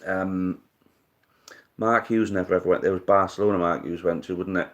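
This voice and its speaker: A man hosting a live-stream quiz, chatting casually, thinking out loud, swearing now and then and calling the players mate. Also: low-pitched, steady tone, brisk, highs cut off.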